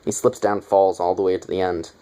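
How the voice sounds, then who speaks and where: Low-pitched male reviewer, excitable, profane, rambling casual delivery. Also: brisk. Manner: excited, rambling, heavy swearing. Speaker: movie reviewer.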